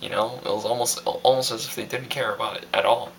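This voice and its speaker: A man's voice: medium pitch, fairly even intonation, fast, vocal fry, a little hiss or hum, low-quality recording. A young man from Hawaii recording a casual video diary, rambling and hesitant with lots of fillers. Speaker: vlogger.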